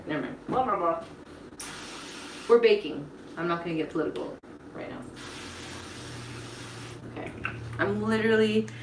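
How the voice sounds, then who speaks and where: A young woman with a slightly low voice chats casually while baking on a livestream in her kitchen. She jokes about her own cooking and talks back to viewers' comments. Steady noise sits under the home stream. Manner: chatty, self-deprecating, reads viewer comments aloud.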